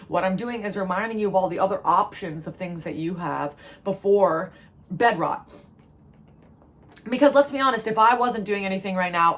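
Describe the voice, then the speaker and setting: A woman's voice: on the low side, a bit bright. A woman from New Jersey giving a spiritual pep talk as a tarot reader, emphatic and repetitive. She is emotional and near tears, and she keeps calling the listener "baby.".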